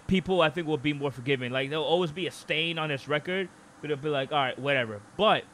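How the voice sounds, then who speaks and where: Bright-voiced man arguing on a podcast. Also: on the high side, slight background noise. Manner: animated, opinionated, mimics other people mid-sentence. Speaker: podcast co-host. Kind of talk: casual podcast chat.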